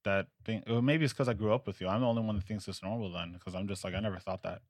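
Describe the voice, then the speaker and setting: A young man on a casual podcast who chimes in with quick, offhand remarks. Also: fairly low pitch, steady tone, no room sound. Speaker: podcast co-host. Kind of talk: casual chat.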